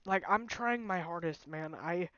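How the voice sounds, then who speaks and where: A man's voice: sits high, measured pace, pushed and bright, muffled recording, slight background noise. A young man talking to his viewers on a phone stream, upset and sighing, his voice close to breaking. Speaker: livestreamer. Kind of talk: emotional personal talk to viewers.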